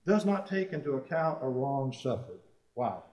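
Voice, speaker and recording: A man's voice: mid-range voice, sing-song, moderate pace, warm tone. A man preaching a sermon to a congregation, emphatic, rising on key phrases and putting questions to his listeners. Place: church assembly hall. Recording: roomy, distant, dull old church recording.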